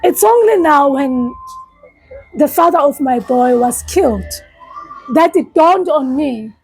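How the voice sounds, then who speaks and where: A South African woman, a life coach, giving an earnest, halting personal testimony in a support session and often repeating herself. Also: sits high, expressive, low-quality recording.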